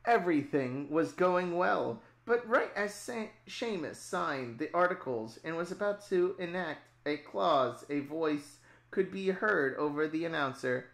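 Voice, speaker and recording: A woman narrating a silly improvised tale for friends on a livestream. She talks at an unhurried pace and keeps slipping into giggles. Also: low voice, lively intonation, vocal fry. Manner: giggly, often breaking into laughter mid-story. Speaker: storyteller. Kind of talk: casual comedic storytelling on a stream.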